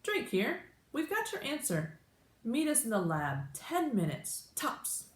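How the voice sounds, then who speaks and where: A woman's voice: on the high side, wildly swooping pitch, slow, pitched above the performer's own voice, heavily acted. Woman doing a confident, proper boy detective. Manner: self-assured, formal, upbeat. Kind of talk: storybook read-aloud. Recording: roomy echo.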